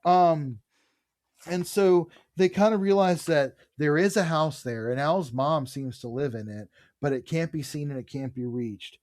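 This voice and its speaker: Guy gushing about comic art on a podcast, kinda high voice, dry close sound, swears a bit. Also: measured pace, darkish tone, dry recording. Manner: enthusiastic, swears casually, reads dialogue aloud. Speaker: podcast co-host. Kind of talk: casual comic book discussion.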